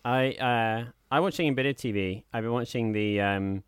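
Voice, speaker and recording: A man co-hosts a podcast in a casual chat, speaking at medium pitch and normal speed in a dry, clean studio recording. He rambles with lots of fillers and sometimes slips into a soft, smooth put-on voice.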